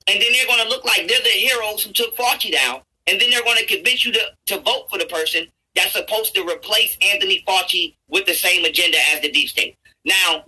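Husky bright-voiced guy ranting on his channel, cusses a lot, trips over his words and yells. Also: high voice, low-quality recording. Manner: profane, repetitive, stammering restarts, rising to shouts. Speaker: YouTuber. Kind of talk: angry ranting commentary over a played clip.

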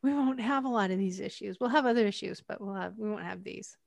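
A woman's voice: mid-range voice, quick pace, gravelly, no echo, studio quality. A woman from Northwestern Pennsylvania hosting a casual interview, telling stories in a chatty way and laughing easily. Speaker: podcast host.

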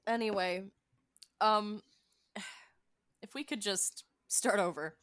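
A woman's voice: mid-range voice, fairly even intonation, slow pace, fairly bright tone. A woman playing a tabletop role-playing game, flustered and self-mocking about her character voice. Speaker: player.

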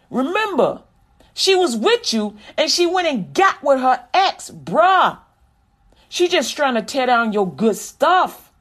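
A woman preacher delivers an animated sermon, moving between recited scripture and casual, direct talk to her listeners. Her voice sits high and lively.

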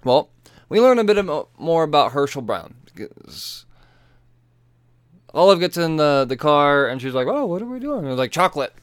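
Host: tipsy, foul-mouthed man recapping comics, smooth clear voice, dry close sound. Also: fairly high pitch, dry recording. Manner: animated, profane, acts out characters in quick bursts. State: tipsy from drinking. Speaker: podcast host. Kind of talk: casual comic book recap.

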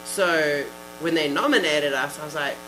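Woman, New Zealand accent, young adult, chatty storyteller, clear mains hum underneath. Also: sits low, normal speed. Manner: storytelling, lively, acts out quotes, frequent "like". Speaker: guest, rugby player. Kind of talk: casual interview chat. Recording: steady electrical hum behind.

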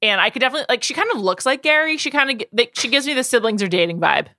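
A woman's voice: fairly high pitch, expressive, racing, sharp tone. A woman co-hosting a podcast in enthusiastic, rambling chat with heavy "like" fillers. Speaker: podcast co-host. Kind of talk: casual chat.

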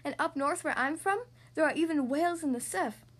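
A woman's voice: high-pitched, a little fast, voice pushed up. Woman reading as a cheerful grandmother. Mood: delighted. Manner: warm, lively storytelling. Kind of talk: storybook read-aloud.

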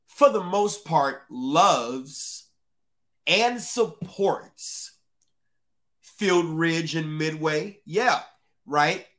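A man with a fairly high, somewhat bright voice hosts a live-streamed podcast of commentary talk. He speaks emphatically, repeating lines for stress and pausing to greet people in the chat.

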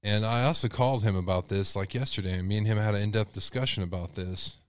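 A man's voice: fairly low pitch, steady tone, fast talker, clean tone, no room sound, clean studio sound. A man hosting a podcast, giving sarcastic, jumpy true-crime commentary and talking straight to his listeners. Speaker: podcast host.

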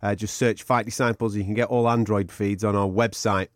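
A man's voice: on the low side, fairly even intonation, fairly quick, no echo, studio quality. A man hosting a boxing podcast, cheeky and teasing, swearing freely in casual banter. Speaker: podcast host.

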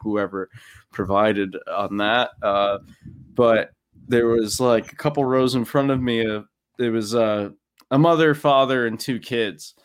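A young man chats about sports in a loose, profane way. His voice sits at an ordinary middle pitch, and he breaks into laughter mid-story. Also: clear, resonant tone. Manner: swears freely, laughs while telling stories. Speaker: podcast co-host. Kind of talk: casual sports chat.

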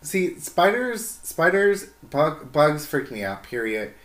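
A woman's voice: sits low, very animated, takes it slowly. Laughing, easygoing woman in an echoey room. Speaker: podcast co-host. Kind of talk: casual chat.

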